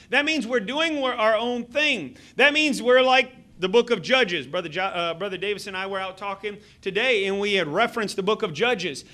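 A pastor in his thirties preaches to his congregation, his voice sitting very high for a man with a bright, forceful edge. He speaks into a handheld microphone in a church sanctuary. His delivery is earnest and halting, with frequent fillers and restarts. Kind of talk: sermon.

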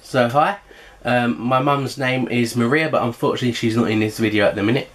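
Brief: man, mid-pitched, chatty cooking vlog host, casual, filler-heavy. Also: steady tone, a little fast, a bit bright. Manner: chatty, filler-heavy, eating while talking.

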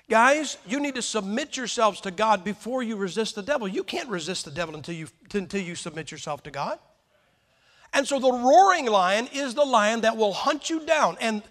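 High-voiced preacher in a reverberant hall. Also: male voice, fairly bright tone. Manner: folksy storytelling with questions to the congregation. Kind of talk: sermon.

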